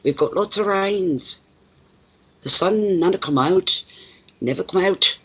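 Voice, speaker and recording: A woman putting on the voice of a slow-talking, soft-hearted Scottish man, drawing each word out in a thick mock accent. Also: lowish voice, husky, muffled recording, voice pushed up. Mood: drawling. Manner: slow, heavy, drawn-out words.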